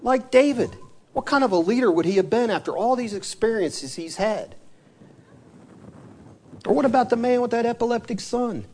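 A man's voice: very high-pitched, lively intonation, moderate pace, long pauses, a little mellow. A man preaching an evening church sermon, earnest and full of rhetorical and tag questions, who also reads scripture aloud in old-fashioned wording.

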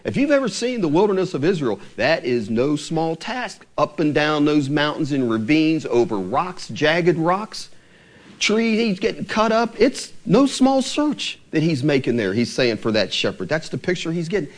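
Lively-pitched man preaching a sermon. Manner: earnest, rises and falls in pitch for emphasis, slows to quote scripture.

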